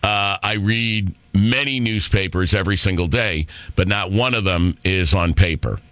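A brash middle-aged man hosting a talk radio show rambles sarcastically through an opinionated monologue. His voice sits low, fairly bright in tone, at normal speed, recorded on a studio microphone with no echo.

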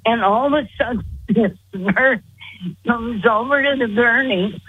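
A woman guest slowly telling a personal story, calling in over the phone. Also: fairly high pitch, breathy edge, dry recording. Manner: slow, earnest storytelling. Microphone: phone call. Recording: tinny phone line.

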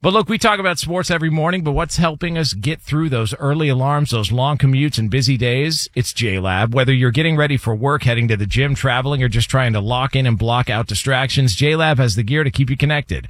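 A man's voice: mid-range voice, fairly quick, few pauses, no room sound. A man hosting a sports radio show, joking with co-hosts, recapping stories and reading an ad. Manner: laughs easily, recaps stories. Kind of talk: casual sports talk banter and read ad.

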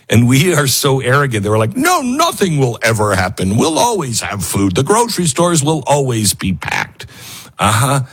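A man's voice: mid-range voice, husky. A middle-aged man hosting a talk radio show, rambling and self-mocking as he reads ads and reacts to headlines. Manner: animated, rambling, self-mocking, jumps between mock voices. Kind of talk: talk radio monologue and host-read ads.

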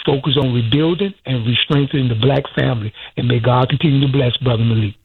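A man's voice: mid-range voice, fast, vocal fry, husky. A man calling in to a radio show, bluntly scolding and ranting. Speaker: caller. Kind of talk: opinionated call-in rant. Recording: muffled phone line.

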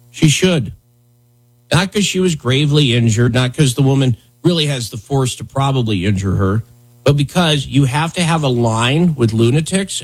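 A man's voice: mid-range voice, slightly rough, rough recording. A man hosting a political commentary show, talking bluntly and heatedly, often repeating himself.

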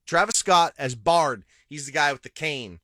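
A man's voice: on the high side, normal speed, bright, forceful tone, no room sound, clean studio sound. A man co-hosting a radio podcast, chatting casually about a movie and stumbling a little over cast names. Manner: reads cast lists with hesitant name stumbles. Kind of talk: casual movie review chat.

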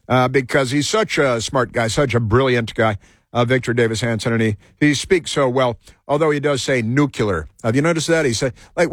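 A man's voice: medium pitch, no echo, clean studio sound. A man hosting a talk show, delivering a rambling monologue full of fillers and restarts.

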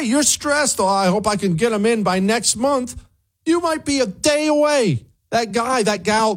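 A male talk radio host in full monologue, his pitch swinging widely as he presses his point. He sounds emphatic and sarcastic, and at times openly pleading. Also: a little mellow.

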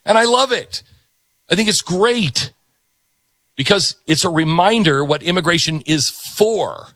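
A male talk show host delivering an animated opinion monologue, sarcastically acting out quoted voices. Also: high voice, a little slow, no echo.

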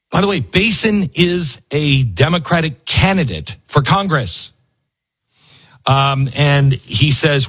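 Brief: man hosting a commentary show, husky, lively sarcastic delivery, acts out quotes. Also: medium pitch, a little slow. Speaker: political commentary host. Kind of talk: opinionated news commentary monologue.

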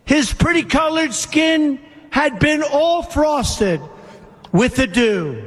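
A man reads a poem aloud at a drawn-out, deliberate pace, leaning hard on each line. His voice sits high for a man. A long hall reverb trails every phrase. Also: animated, fairly bright tone. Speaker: speaker reading a poem to a crowd. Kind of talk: dramatic poem reading.

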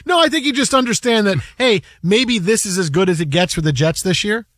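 A man's voice: high voice, animated, a little fast, a bit bright, dry recording, clean studio sound. A man hosting a sports radio show, chatting casually and acting out quotes, often laughing. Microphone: studio microphone.

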